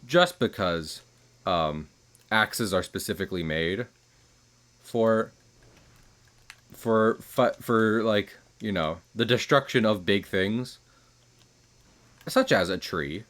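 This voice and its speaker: A man giving casual, rambling commentary while streaming a game, chuckling at his own jokes and trailing off into quieter asides. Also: fairly low pitch, expressive, takes it slowly, pauses often.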